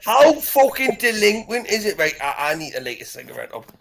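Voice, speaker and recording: Loud swearing northern English man. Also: high-pitched, sing-song, brisk, crowd noise. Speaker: livestream guest. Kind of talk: casual comedic banter.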